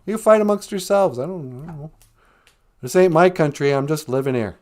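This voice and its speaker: A man hosting a podcast, telling jokes and stories in a dry, deadpan way. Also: a little high, a little fast. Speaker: podcast host and storyteller. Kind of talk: comedic banter.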